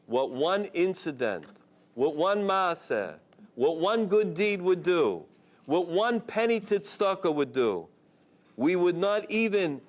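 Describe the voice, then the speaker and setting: A rabbi telling a moral tale with a highly animated, swooping delivery. His voice sits a bit high for a man, and he drops Hebrew terms in as he goes. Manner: expressive, sprinkles Hebrew terms. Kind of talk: inspirational storytelling talk.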